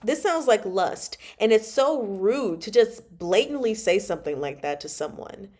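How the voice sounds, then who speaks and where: A woman hosts a casual livestream book chat with an animated, exasperated energy. She laughs often and talks back to the characters, and her voice sits at an ordinary middle pitch. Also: moderate pace. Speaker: book club host.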